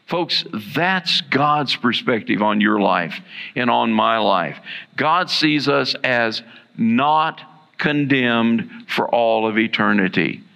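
Gravelly slow-preaching male pastor. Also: mid-range voice, animated, pushed and bright. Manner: earnest preaching, repeats key lines for emphasis. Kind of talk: sermon.

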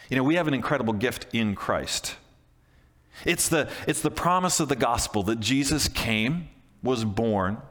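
A man's voice: medium pitch, fairly bright tone, big-room sound. A man preaching a sermon as pastor, talking in a conversational way with frequent restarts and emphatic repeats. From Canada.

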